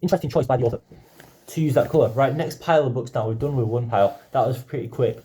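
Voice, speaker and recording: A young man reviewing a pile of books in a casual, chatty vlog, quick to go off on enthusiastic tangents. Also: mid-range voice, dark tone, a little hiss or hum. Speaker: book vlogger. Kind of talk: casual book haul review.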